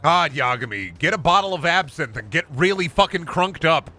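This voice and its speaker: A man streaming a video game, commenting loudly and goofily, swearing and breaking into yells. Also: mid-range voice, animated, fast talker, few pauses. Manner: loud, goofy, swearing, bursts into yelling. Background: game music.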